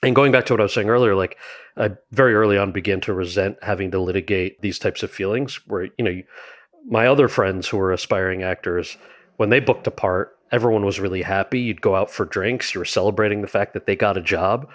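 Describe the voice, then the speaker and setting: A man's voice: fairly low pitch, fast talker. A man talking as a guest about his memoir in an interview, telling candid, wry stories in a conversational way. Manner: animated, candid, wry storyteller. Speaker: guest author.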